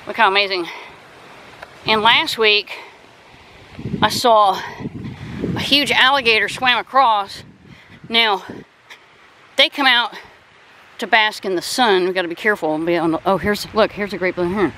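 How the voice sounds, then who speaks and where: A middle-aged woman talking casually to her phone camera while walking through a park by a pond, chatty and excitable, with many asides. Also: measured pace, long pauses, rough recording. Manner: chatty, excitable, rambling, with high sing-song baby talk to her parrot. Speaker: vlogger. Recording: faint outdoor noise.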